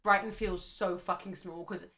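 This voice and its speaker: A woman's voice: lowish voice, fairly even intonation, moderate pace, a bit bright. A woman co-hosting a podcast, slangy and cheeky, steering the chat with questions. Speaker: podcast co-host. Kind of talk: casual chat.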